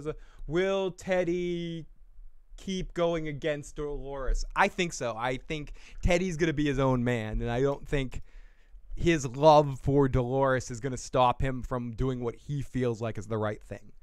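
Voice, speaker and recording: A man's voice: medium pitch, smooth, no echo, studio quality. A man hosting a live recap podcast, casual and jokey, swearing, laughing often and reading the chat aloud. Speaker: podcast host.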